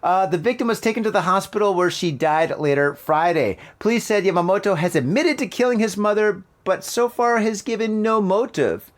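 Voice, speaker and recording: Animated, profane male podcast host. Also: sits high, normal speed, few pauses. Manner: animated, profane, riffing jokes. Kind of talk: casual news commentary.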